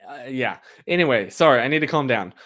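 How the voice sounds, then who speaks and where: Talking a little fast in a mid-range, slightly bright and animated voice, a man rambles through a casual stream in a cold room. He peppers his speech with "like" and answers his chat directly over a streaming microphone.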